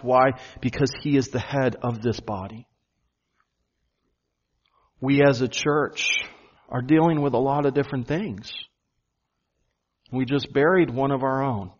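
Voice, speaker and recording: A man preaching a sermon to his church, earnest, slowing down and stressing key phrases. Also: mid-range voice, muffled recording. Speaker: pastor.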